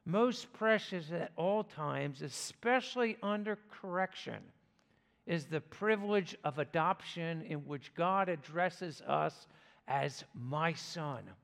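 A man preaching a sermon as pastor, speaking in a slow, measured way with deliberate pauses. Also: a little high, animated, vocal fry, a bit bright. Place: church sanctuary. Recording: long reverb of a church hall.

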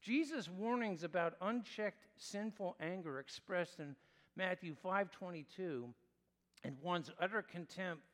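A pastor preaching a sermon, emphatic, with large swings in pitch and loudness. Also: male voice, big-room sound.

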